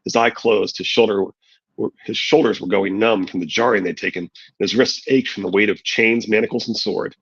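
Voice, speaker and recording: A man's voice: lowish voice, steady tone, brisk, a bit bright, breathy edge, muffled recording. A man reading a novel aloud and adding wry, thoughtful commentary. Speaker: podcast host reading aloud.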